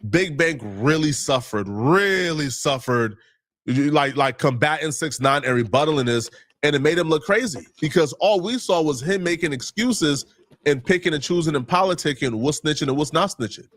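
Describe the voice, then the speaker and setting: Man commentator, slightly high voice, dry sound, explanatory. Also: a little fast, a bit bright, no echo. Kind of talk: casual explaining.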